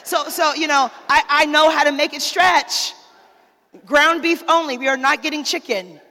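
A woman's voice: sits high, normal speed, bright, forceful tone. A woman giving an emotional sermon testimony as a minister's wife, talking straight to the listeners. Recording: long hall reverb.

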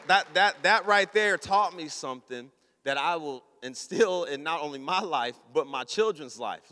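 Animated preacher man in a reverberant hall. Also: a little high. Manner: animated, acts out his own inner voice and his wife's. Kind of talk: storytelling sermon.

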